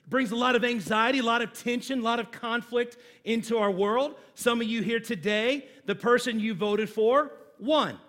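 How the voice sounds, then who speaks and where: This is a man pastor giving a church sermon, very high-pitched, leading call-and-response. The delivery is slow and deliberate, with loud emphases that arrive without warning.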